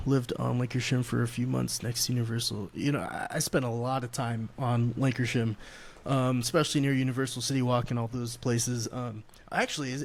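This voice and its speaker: A young man, a podcast guest, telling stories in casual chat, rambling with lots of fillers. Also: mid-range voice. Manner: rambling anecdotes with many fillers.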